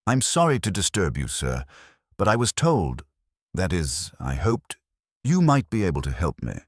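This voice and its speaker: A man's voice: low voice, huge pitch swings, moderate pace, no room sound, clean studio sound, heavily acted. A man voicing a nervous young lady's maid who speaks hesitantly and politely. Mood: anxious.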